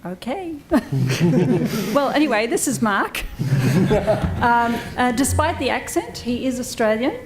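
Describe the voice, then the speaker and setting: A woman moderating a panel, briskly introducing each speaker with light jokes in a room with an audience. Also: on the high side, sing-song, heavy background noise.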